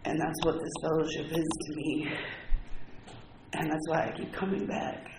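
A man's voice: fairly high pitch, monotone, normal speed. A man speaking candidly and from the heart as he tells his recovery story to a group in a meeting room. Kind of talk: personal testimony to a group. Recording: echoey, noisy room recording.

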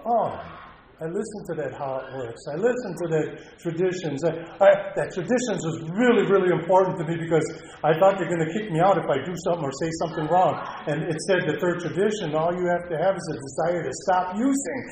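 A man telling his own recovery story in an earnest, halting way, often restarting with "and, and". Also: a little high, darkish tone, roomy sound, a little hiss or hum, poor audio. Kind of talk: personal testimony talk.

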